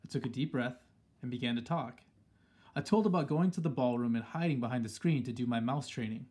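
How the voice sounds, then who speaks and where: A man reading a children's story aloud in a steady, plain storytelling manner. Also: medium pitch. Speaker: audiobook reader. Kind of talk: storybook narration.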